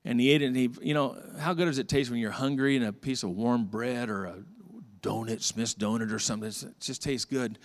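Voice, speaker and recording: Pastor telling a story in a sermon. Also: male voice, mid-range voice, a little fast, no room sound. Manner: storytelling with lively acted-out dialogue.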